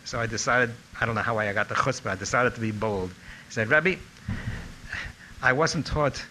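An older man telling animated stories about a teacher from his student days. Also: fairly low pitch, fast, slight background noise, low-quality recording. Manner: animated storytelling, acting out quotes. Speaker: speaker recalling a teacher. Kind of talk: anecdotal reminiscence.

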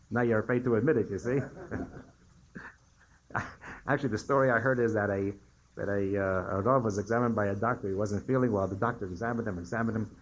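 Older rabbi lecturing with emphatic rises. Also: male voice, mid-range voice, muffled recording, a little hiss or hum. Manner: digressive storyteller, emphatic rises on key points. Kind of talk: lecture with questions from audience.

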